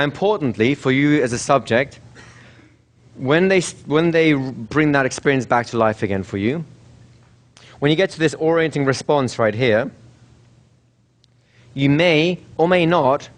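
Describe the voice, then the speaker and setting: A man teaching a hypnosis workshop in a seminar room, casual and brisk, often checking with the group. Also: mid-range voice. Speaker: hypnosis trainer.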